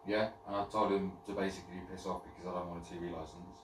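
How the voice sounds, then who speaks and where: A man's voice: deep voice, fairly even intonation, fast talker. A young English man on a podcast, complaining indignantly in casual chat. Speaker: podcast co-host. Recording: echoey room, mic at a distance, faint noise.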